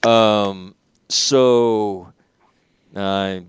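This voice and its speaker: A man's voice: on the low side, steady tone, extremely slow, slight background noise. A middle-aged man, a former Marine commander and host, telling a story candidly in a panel conversation, profane and full of restarts, his voice rising when he gets angry.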